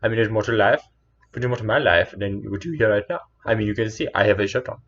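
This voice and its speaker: A man's voice: on the low side, fast talker, fairly bright tone, highs cut off. A man telling a personal story in a meandering, earnest way, often correcting himself. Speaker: storyteller vlogger.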